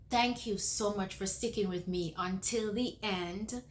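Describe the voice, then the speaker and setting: A woman telling the story of a dream in a casual vlog. Her pitch sits in the middle range, and she talks in an animated way as she acts out her own panic. She turns earnest and soft when she offers encouragement. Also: a little slow, hardly any pauses, a little hiss or hum. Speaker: faith vlogger sharing dreams.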